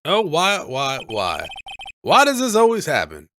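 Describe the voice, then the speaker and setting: A man's voice: fairly high pitch, huge pitch swings, measured pace, background noise, pitched below the performer's own voice. A man doing a whiny, lovesick goofball. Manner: whiny and melodramatic. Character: whiny lovesick young man, dramatic and goofy. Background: game music.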